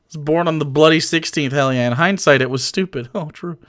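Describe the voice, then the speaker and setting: Sarcastic young streamer, clear voice. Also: male voice, on the high side, a little fast, a bit bright, no echo, clean studio sound. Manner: sarcastic, profane, mocking. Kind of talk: live-stream commentary.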